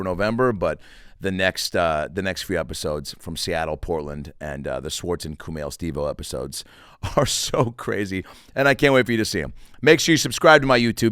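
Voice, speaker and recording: A man's voice: low-pitched, a bit bright, smooth, no room sound. A man hosting his podcast, telling a story in a casual way, acting out quoted voices and swearing freely. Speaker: podcast host. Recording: dry studio with faint music.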